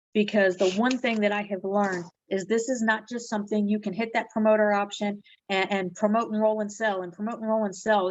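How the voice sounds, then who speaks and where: A woman's voice: medium pitch, dry recording. Earnest woman giving a motivational talk, dull lo-fi sound. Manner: earnest, heartfelt, often ends with "right?". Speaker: direct-sales team leader. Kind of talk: motivational live video talk. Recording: dull lo-fi audio.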